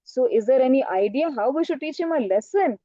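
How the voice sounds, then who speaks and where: A woman acts out a stern lion who rules the jungle, speaking in a measured, mellow storybook voice. The audio is dull and dry. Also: high-pitched, animated, dry recording.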